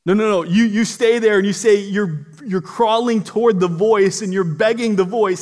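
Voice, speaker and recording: An earnest man preaching a sermon, his voice sitting high for a man. He talks in a heartfelt way and often trips over the first words of a phrase, repeating them before pressing on. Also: moderate pace, hardly any pauses.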